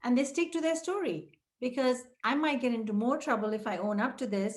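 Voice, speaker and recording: A middle-aged woman with a somewhat high voice runs a training webinar for childcare center leaders. She speaks straight to her audience with direct encouragement. She often slips into quoted dialogue to act out classroom moments. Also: brisk, few pauses. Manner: breaks into quoted dialogue with raised pitch. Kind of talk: webinar teaching talk.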